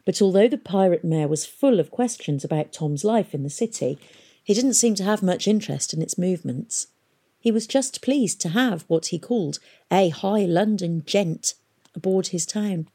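A woman reading a storybook aloud in a steady, expressive narration. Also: fairly low pitch, normal speed, slightly rough. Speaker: audiobook reader.

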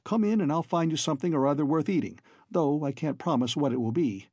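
A man's voice: on the high side, animated, fast talker, a little mellow, no room sound. A man voicing a wary, well-groomed hacienda master who speaks in curt, formal commands. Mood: hospitable.

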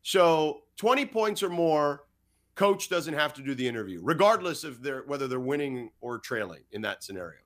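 A man from the United States who works as a sports reporter, guesting on a podcast. His voice is bright and sits a little high, and he tells stories with lively energy, slipping into the voices of the people he quotes. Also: normal speed. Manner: lively anecdote-teller who acts out quoted dialogue. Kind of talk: storytelling in a podcast interview.

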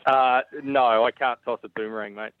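A man joining as a guest, calmly explaining a sport in casual talk. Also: mid-range voice, normal speed, clean tone, no room sound, narrow, tinny audio. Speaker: remote guest expert.

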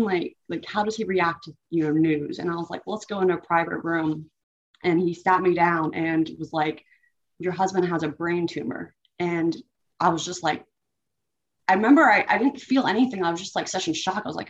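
A woman guest on an interview, recounting a painful personal story in a halting, emotional way with many fillers. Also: lowish voice. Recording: dull lo-fi audio.

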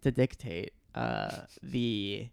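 Rambling man with a gravelly voice. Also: medium pitch, fairly even intonation, a little mellow, no echo, studio quality. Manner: rambling, halting, self-deprecating. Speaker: podcast host. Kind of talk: casual podcast chat.

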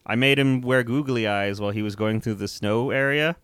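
A young man co-hosting a casual podcast, rambling along, laughing often and swearing freely. His voice comes through smooth and resonant, recorded close and dry. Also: mid-range voice, fairly quick, a bit bright, no echo. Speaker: podcast co-host. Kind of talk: casual chat.

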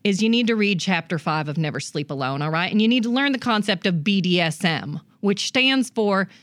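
A woman's voice: medium pitch, expressive, a little fast, a bit bright, dry recording, studio quality. A woman hosting a comedic dating advice show, coaching a guest in a brash, bossy way. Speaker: host.

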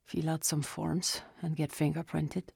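A croaking, raspy older man, as a woman narrator puts him on, speaking low and hushed. The delivery is slow. The recording is dry. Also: level tone, no echo, full character voice. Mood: weary.

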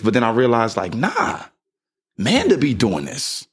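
A man's voice: mid-range voice, measured pace, breathy edge. A man co-hosting a podcast, musing in a casual chat and often tagging thoughts with "right?". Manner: relaxed, musing, with frequent "like" and "right?" tags. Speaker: podcast co-host, father.

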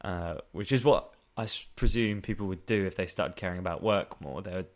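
A man's voice: low voice, fairly quick. A man co-hosting a casual comedy podcast, reviewing a film in a sarcastic, exasperated way. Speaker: podcast co-host.

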